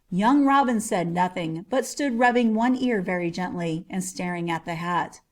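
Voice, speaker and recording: A woman narrating a storybook in a gentle, measured way. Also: lowish voice. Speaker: audiobook narrator.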